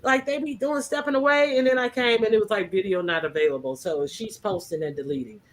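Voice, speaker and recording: A woman hosts a loose livestream panel, chatty and quick to laugh, teasing the guests as she goes. Her pitch sits in the ordinary middle range for a woman. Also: slight background noise. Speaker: livestream host. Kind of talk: casual panel chat.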